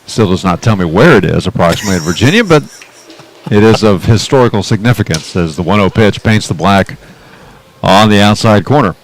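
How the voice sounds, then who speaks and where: Man, baseball play-by-play, radio broadcast, lower voice, chatty asides. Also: lively intonation, fairly quick, a little hiss or hum, poor audio. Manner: chatty, riffs on trivia between pitches. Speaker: play-by-play announcer.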